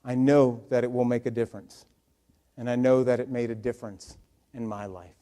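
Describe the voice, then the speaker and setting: A man giving an earnest storytelling talk to an audience, swinging between loud passages and hushed ones. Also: mid-range voice, level tone, moderate pace. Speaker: public speaker.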